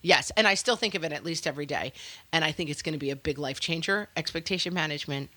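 Woman, podcast co-host, casual chat, chatty storyteller, lowish pitch. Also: fast, sharp tone. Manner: chatty, storytelling with fillers and acted quotes.

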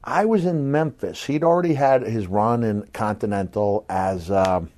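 Man, middle-aged, podcast co-host, casual storytelling, laughs often, low-ish voice. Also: normal speed. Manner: laughs often while telling stories, animated. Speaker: podcast co-host, former wrestler.

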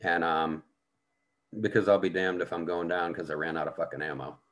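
A man's voice: low voice, little pitch movement, a little fast, fairly bright tone. A man telling a war story in casual talk, blunt and full of profanity. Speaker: guest.

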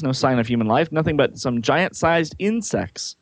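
A man's voice: mid-range voice, moderate pace, dry recording. A man casually reading comic-book dialogue aloud, adding joking asides and laughing often.

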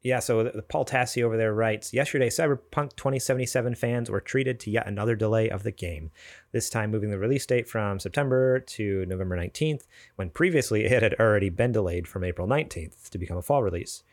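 A man's voice: fairly low pitch, fast, no echo, clean studio sound. A man co-hosting a gaming podcast, chatting loosely and reading news items aloud. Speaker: podcast co-host. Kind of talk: casual gaming news chat.

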